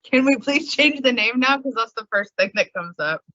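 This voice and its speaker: A chatty woman negotiator in a virtual meeting, with a bright and lively voice. She laughs often and says "like" a lot. The audio is dry and muffled, as on a video call. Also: a little high, normal speed, no room sound. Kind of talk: casual meeting talk.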